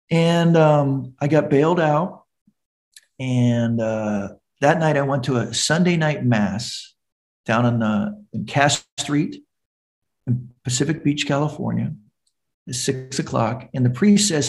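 Gravelly man telling a recovery story. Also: mid-range voice, slow pace, a little mellow, slight background noise. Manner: earnest storytelling, acting out quoted voices. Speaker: recovery coach and podcast guest. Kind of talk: personal story in a podcast interview.

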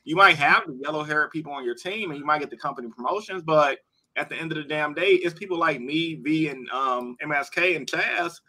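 A man co-hosting a casual podcast, talking in an animated, slangy way. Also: on the high side, brisk, poor audio. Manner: animated, slangy, says "bro" a lot.

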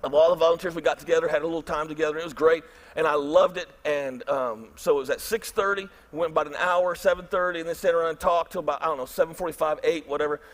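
A middle-aged man, preaching a storytelling sermon in an animated way and acting out his own thoughts. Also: on the high side, fast. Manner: animated, acts out his own inner voice loudly. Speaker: pastor.

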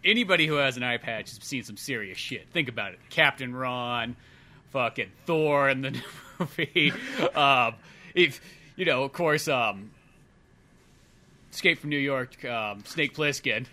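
A man's voice: medium pitch, expressive, unhurried, sharp tone. A man co-hosting a podcast in casual chat who jokes and laughs easily. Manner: laughing, joking. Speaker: podcast co-host.

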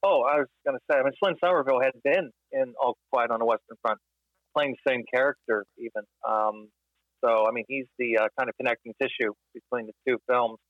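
A man talking through film history in a casual podcast discussion, thoughtful and measured, with many fillers. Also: mid-range voice, no room sound, narrow, tinny audio.

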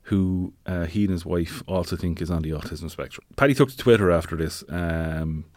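A man's voice: low-pitched, normal speed, a little mellow, dry recording, studio quality. A man co-hosting a casual chat show, talking conversationally with wry asides and plenty of fillers. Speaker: podcast co-host.

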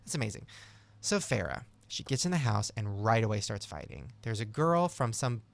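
Gossipy podcast guy, gravelly fry, dry close sound, animated recap. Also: fairly low pitch, moderate pace, no echo. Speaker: podcast host. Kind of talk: casual chat.

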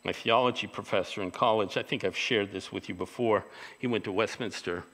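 Bright-voiced male pastor preaching in a hall. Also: lowish voice, a little fast. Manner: conversational preaching with rhetorical questions. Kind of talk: sermon.

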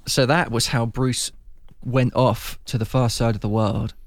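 A man recapping a film in casual chat, talking fast and laughing a lot. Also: mid-range voice, little pitch movement, dry recording. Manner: chatty, laughing, puts on voices when quoting.

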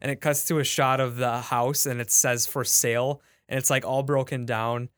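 A man's voice: medium pitch, little pitch movement, moderate pace, a bit bright, clear, resonant tone, dry recording, studio quality. A man, the show's producer, retelling a comic strip in casual podcast chat, full of likes and restarts.

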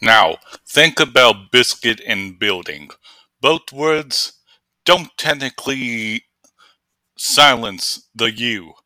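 A man voicing an excitable male Australian outdoors presenter who rambles through a pronunciation lesson. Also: medium pitch, takes it slowly, dry recording, exaggerated voice. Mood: enthusiastic. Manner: excitable, rambling tutorial patter.

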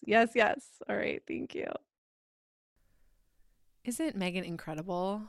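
A woman's voice: medium pitch, slow pace, no echo, clean studio sound. A woman hosting a podcast, speaking in a gushing, enthusiastic and affirming way. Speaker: podcast host. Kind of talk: casual conversational interview.

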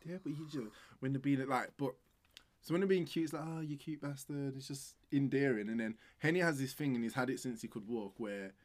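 A man, co-hosting a casual podcast with slangy, relaxed banter. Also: fairly quick. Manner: relaxed slang-heavy banter, drops into low murmured joke voices. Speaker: podcast co-host. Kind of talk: casual chat.

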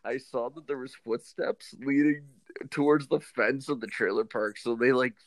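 A man's voice: mid-range voice, normal speed, no echo. A man telling a casual anecdote, chatty and full of fillers, acting out what others said. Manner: chatty, filler-heavy, acts out quotes. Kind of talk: casual storytelling chat.

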